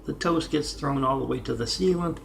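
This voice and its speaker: Man, mid-pitched, gravelly, rambling vlog talk, self-promoting, spells out addresses. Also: brisk, a little hiss or hum. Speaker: artist vlogger.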